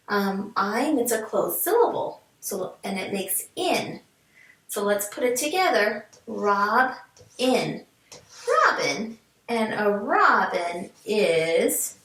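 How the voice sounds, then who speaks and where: A woman teaching a reading lesson to young children, sounding words out slowly and syllable by syllable, cheerful and encouraging. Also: medium pitch. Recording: echoey room, mic at a distance.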